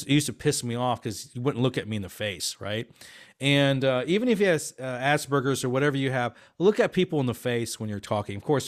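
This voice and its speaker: A man speaking at an ordinary middle pitch in a loose, chatty interview. He tells stories with plenty of "you know" and "um", restarting his sentences as he goes. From half Swiss, half Filipino family. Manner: animated storyteller, many fillers and restarts. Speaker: guest, business consultant. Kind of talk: casual interview talk.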